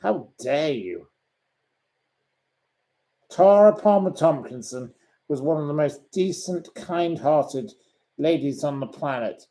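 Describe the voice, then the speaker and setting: Brief: man, host, talks slowly and bluntly, fends off questions with indignation. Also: a little high, expressive, dark tone, low-quality recording. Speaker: host answering viewer questions. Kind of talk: casual live-stream chat.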